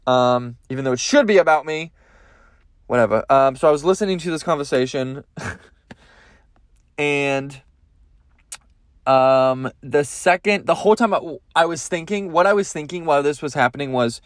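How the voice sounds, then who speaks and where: A man's voice: a little high, moderate pace, pauses often, no echo. Crude rambling man, dry close mic. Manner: crude, rambling rant with lots of swearing. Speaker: podcast host. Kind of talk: comedic monologue.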